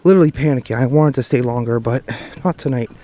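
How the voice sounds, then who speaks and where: A jittery man talks into a handheld camera as he hurries through a forest at night. His voice is dark and mellow, often dropping to a mutter between sighs. Faint outdoor noise and rattling sit behind him. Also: mid-range voice, fast. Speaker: paranormal vlogger. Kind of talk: nervous first-person vlog narration. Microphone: handheld camera mic while walking.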